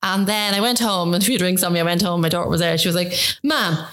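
A woman's voice: on the low side, fast talker. A woman in her forties with an Irish accent, chatting as an interview guest and acting out quotes as she tells her stories. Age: 40s. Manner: chatty, animated storytelling with acted-out quotes. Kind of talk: casual interview chat.

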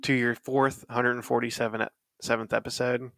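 A man on a casual podcast, rambling and laughing easily. His voice has a gravelly fry with a bright, forward edge. The sound is dry and close. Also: medium pitch, flat delivery, fairly quick, dry recording. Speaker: podcast co-host. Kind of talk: casual chat.

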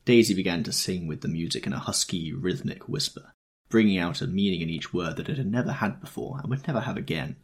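Male audiobook narrator, very low voice, gravelly, husky, lively intonation, measured reading. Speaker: audiobook reader. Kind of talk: first-person novel narration.

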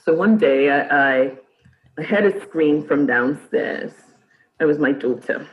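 A woman's voice: deep voice, unhurried, narrow, tinny audio. Woman, 30s, from Nigeria, podcast guest, casual chat, laughs often. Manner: laughs often, lively storytelling.

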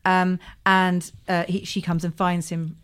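A woman's voice: fairly low pitch, unhurried, clear, resonant tone. A woman co-hosting a casual podcast chat, recapping a TV episode with lots of laughter and playful asides. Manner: animated, laughs often, playful. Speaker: podcast co-host.

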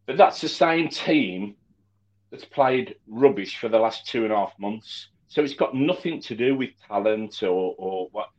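A man co-hosting a casual fan chat about football, animated and stumbling over his words with many restarts. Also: fairly low pitch, measured pace, muffled recording. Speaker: football podcast co-host.

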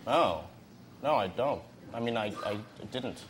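A man acting out a polite, nervous job applicant who hesitates and stammers in an ordinary mid-pitched voice. Faint noise sits behind him in this comedy sketch. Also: animated, a little slow, close to an everyday voice.

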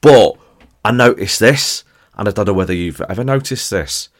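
Chatty low-voiced man. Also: expressive, moderate pace. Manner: chatty, jokey, addresses listeners directly with tag questions. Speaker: podcast host. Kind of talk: casual podcast monologue.

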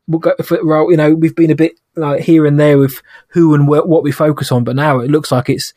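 A man's voice: on the high side, level tone, fairly quick, warm tone, no room sound, studio quality. A man co-hosting a podcast, chatting enthusiastically and rambling through his review. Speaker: podcast co-host. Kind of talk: casual podcast review chat.

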